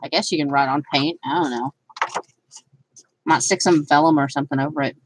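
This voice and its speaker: A woman's voice: deep voice, steady tone, fairly quick, noisy background. A woman hosting a casual live crafting stream, chatting in a rambling way, greeting viewers by name and laughing often. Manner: laughs often, trails off with fillers. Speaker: craft channel host.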